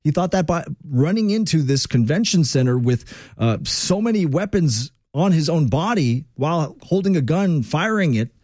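A man's voice: fairly high pitch, animated, normal speed, a little mellow, dry recording, clean studio sound. A man hosting a talk radio show, ranting in a conversational, opinionated way with fillers.

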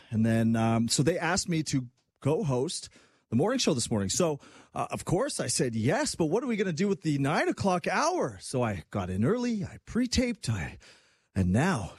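An out-of-breath young man hosts a radio show, rambling excitably with lots of fillers. His pitch swings widely and his voice is a little husky. The sound is dry and close. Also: no room sound. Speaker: radio host. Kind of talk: casual radio show chat.

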